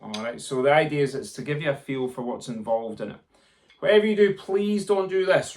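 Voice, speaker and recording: A man's voice: medium pitch, animated, fairly quick. A man teaching snare drumming, counting aloud and vocalizing the rhythms. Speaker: drum tutor. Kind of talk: instructional lesson. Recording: loud background noise. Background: snare drum playing.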